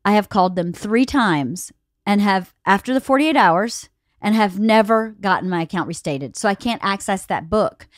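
A woman's voice: medium pitch, expressive, moderate pace, dry recording. Chatty woman podcast host, dry close sound. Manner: chatty, exasperated storytelling. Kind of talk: casual chat.

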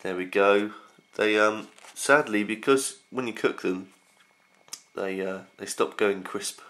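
A young man rambling through a casual early morning vlog at home, his voice groggy and croaky from just getting up. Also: on the low side, takes it slowly, fairly bright tone. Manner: rambling, scattered. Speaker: vlogger.

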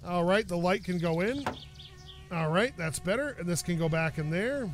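A man's voice: high-pitched, moderate pace, noisy background. A young man casually narrating his own gameplay, talking to himself and swearing when frustrated. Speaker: gaming YouTuber. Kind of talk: casual let's-play commentary.

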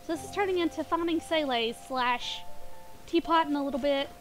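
A woman's voice: high-pitched, a little fast. A young woman streaming a game, chatting casually with her chat and giggling often, a little sniffly with hiccups. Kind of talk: casual livestream chat while gaming. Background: game music.

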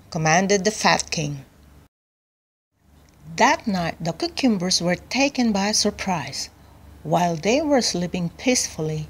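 A woman reading a children's bedtime story aloud, clear and expressive. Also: on the low side. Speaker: children's book reader.

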